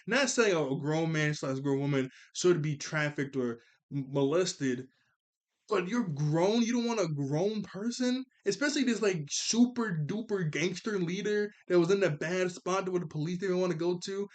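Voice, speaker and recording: A man with a slightly high voice talks through a film he watched, in a loose, rambling way. He gets excited and keeps correcting himself as he goes. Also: normal speed. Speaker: movie reviewer. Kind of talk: casual movie recap.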